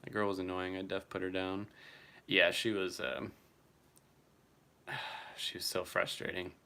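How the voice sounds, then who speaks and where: A man's voice: low voice, flat delivery, a little slow, vocal fry, pushed and bright, smooth. A young man casually chatting on a livestream, answering viewers by name and swearing now and then. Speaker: streamer reading live chat.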